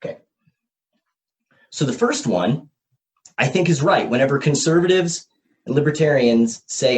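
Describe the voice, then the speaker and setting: A man hosting a podcast, thinking out loud as he explains ideas at a whiteboard and often checks in with "okay?" and "right?". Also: mid-range voice, moderate pace. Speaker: podcast host. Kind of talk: casual explanatory podcast talk. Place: room with a whiteboard.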